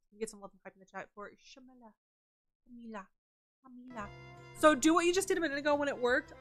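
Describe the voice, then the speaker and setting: A woman's voice: sits high, lively intonation, quick pace, pauses often, faint music behind. A woman on a headset mic streaming a game, greeting and thanking her chat between profane, exasperated outbursts. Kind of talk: casual live-stream gaming chat.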